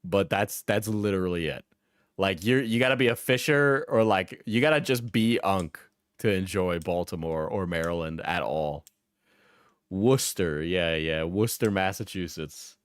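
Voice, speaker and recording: A man's voice: deep voice, normal speed, smooth, dry recording, clean studio sound. A man in his twenties, a live streamer, chatting casually and telling rambling stories with lots of slang and swearing.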